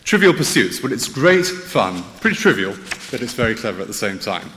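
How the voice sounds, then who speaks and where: Lively man preaching in a reverberant hall. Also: lowish voice, fairly quick, a little hiss or hum. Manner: lively, wry storytelling with rhetorical questions. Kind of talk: sermon.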